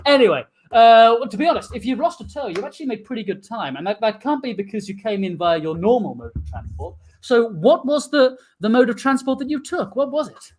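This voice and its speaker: A woman's voice: fairly high pitch, a little fast, few pauses, husky. A woman hosting an improvised comedy game, prodding and laughing as she questions a guest. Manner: animated, prodding, laughing often. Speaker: improv host.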